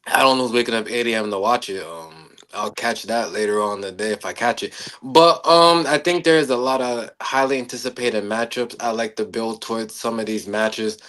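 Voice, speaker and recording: A man's voice: mid-range voice, moderate pace. Laid-back male podcast host. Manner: relaxed, loose, uses many fillers. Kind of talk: casual podcast chat.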